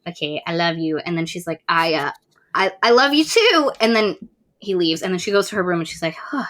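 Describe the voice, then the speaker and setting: A woman's voice: on the low side, sing-song, a little fast, fairly bright tone. A woman co-hosting a book podcast, recapping the plot casually and acting out the characters' lines. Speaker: podcast co-host.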